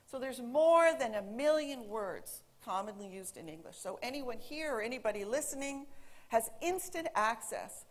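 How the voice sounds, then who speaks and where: A woman in her forties, an English teacher, giving a talk to an audience in a large auditorium and telling lively stories. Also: a little high, moderate pace. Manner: animated storytelling, quoting her son in a put-on teen voice. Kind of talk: conference talk to a live audience.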